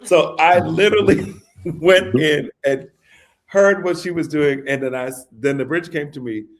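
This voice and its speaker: A man, a songwriter, telling a story in an interview with animated delivery. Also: fairly high pitch, unhurried. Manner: animated, recites lyrics softly. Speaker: songwriter guest.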